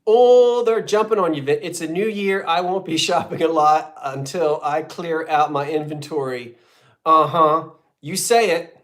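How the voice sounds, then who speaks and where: A man's voice: on the high side, unhurried, fairly bright tone. A man hosting a live online sale, counting down bids and teasing regular buyers in casual chat. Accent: American. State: coughing fits. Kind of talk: live auction selling chat.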